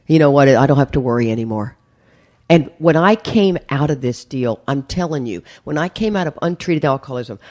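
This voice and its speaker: A woman's voice: a bass voice, a little mellow. A middle-aged woman, speaking at a recovery meeting and telling a candid story to a live audience with self-mocking humor. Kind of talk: personal testimony to a live audience.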